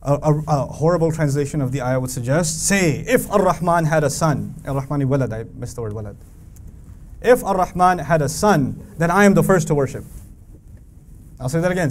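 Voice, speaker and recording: Male Quran teacher, raised pitch, animated lecturing style that recites Arabic verses, faint background noise. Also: fairly quick. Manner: animated, asks the audience rhetorical questions; recites Arabic verses between English explanation. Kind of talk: religious lecture to a live audience.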